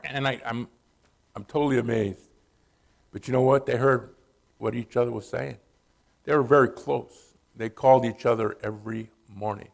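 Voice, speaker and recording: A man's voice: mid-range voice, fairly even intonation, moderate pace, vocal fry. A man from Southern California telling personal stories at a church in a casual, conversational way. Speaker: church speaker.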